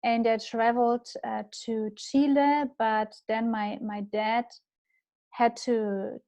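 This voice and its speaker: German-accented woman in her thirties, pitched a little high and taking her time, halting speech with lots of laughs, chatting as a podcast guest. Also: little pitch movement, mellow. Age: 30s. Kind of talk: casual interview chat.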